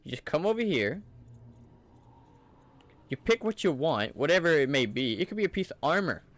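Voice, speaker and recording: A man's voice: a little high, very animated, normal speed, fairly bright tone. A man giving casual, enthusiastic commentary over gameplay footage in a loose, conversational way. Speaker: gaming channel creator.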